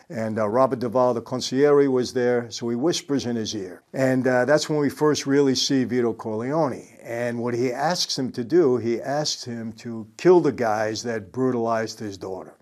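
A man's voice: mid-range voice, darkish tone. Older man casually retelling a film scene. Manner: conversational, storytelling with paraphrased quotes. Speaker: host recounting a film scene. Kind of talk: casual commentary.

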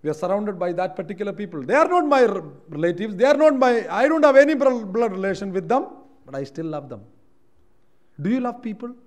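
Emphatic high-voiced Indian preacher. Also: male voice, very animated, brisk. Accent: Indian English. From Kerala, India. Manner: swings from quiet reflection to loud emphatic preaching. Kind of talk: sermon. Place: church hall.

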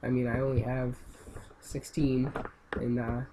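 A man's voice: medium pitch, little pitch movement, unhurried. Young man ranting over gameplay, noisy recording. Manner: rambling, yells and rants at the game. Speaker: gaming channel host. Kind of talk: casual gameplay commentary. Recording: noisy amateur home recording.

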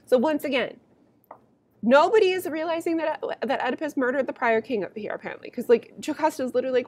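A woman's voice: high voice, lively intonation, quick pace. A young adult woman teacher reading a play aloud and explaining it to students in a casual, chatty way, with sarcastic asides.

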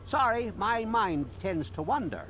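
A grandiose, persuasive relic collector. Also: male voice, high-pitched, lively intonation, measured pace, fairly bright tone, a little hiss or hum. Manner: eloquent, salesman-like promises. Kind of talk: video game dialogue.

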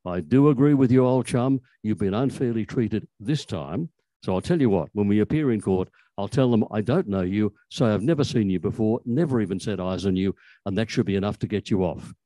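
A man putting on an easygoing young pickpocket, wry and chummy with his friend. The voice is a little raised from the reader's own but still dark and mellow. It is recorded close and dry. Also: fairly low pitch, brisk, no echo, close to an everyday voice, poor audio. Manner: chuckling, chummy.

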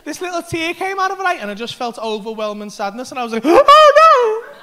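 A male English stand-up comedian telling a story on stage, animated and sweary, acting out both sides of the conversation. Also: extremely high pitch, fast, very noisy.

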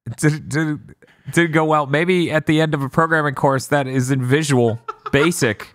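A man's voice: fairly high pitch, normal speed, no room sound. Blunt, swearing podcast host man, dry sound. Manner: storytelling, blunt, swears freely. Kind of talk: casual podcast chat.

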